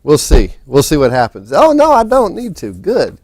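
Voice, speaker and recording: A man's voice: a little high, huge pitch swings, moderate pace, darkish tone, no room sound. A man lecturing a physics class in a casual, rambling way, often restarting his sentences. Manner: rambling, restarts often, talks while setting up. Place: lecture hall.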